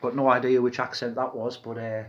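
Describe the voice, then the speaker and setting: A man's voice: medium pitch, little pitch movement, a little fast, muffled recording. A man from Peterlee with a North East English accent, co-hosting a podcast in casual, rambling, jokey banter. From Peterlee, England. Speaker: podcast co-host.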